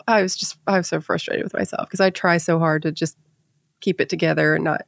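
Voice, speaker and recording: A woman co-hosting a nursing podcast, telling a candid story in casual chat and halting at the emotional parts. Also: on the low side, little pitch movement, gravelly, no echo, studio quality. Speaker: nurse podcast co-host.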